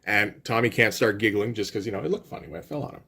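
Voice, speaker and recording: A man's voice: on the low side, fast, creaky, bright, forceful tone, husky. A man casually recapping a comic book issue, retelling scenes and quoting the characters in a loose, conversational way.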